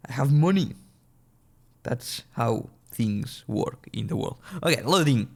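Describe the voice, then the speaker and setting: A man's voice: mid-range voice, lively intonation, slow, creaky. Chatty young man rambling over gameplay. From small European country. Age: early 20s. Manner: rambling, chatty, with frequent restarts, swearing and laughter. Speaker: gaming channel host. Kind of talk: casual gameplay commentary. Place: at home at his computer.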